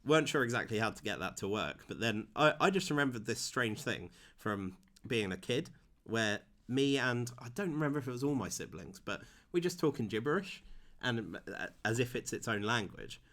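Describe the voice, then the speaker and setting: A man's voice: medium pitch, expressive, moderate pace, few pauses, a bit bright. A young man, co-hosting a podcast with dry, understated remarks. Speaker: podcast co-host. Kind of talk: casual chat.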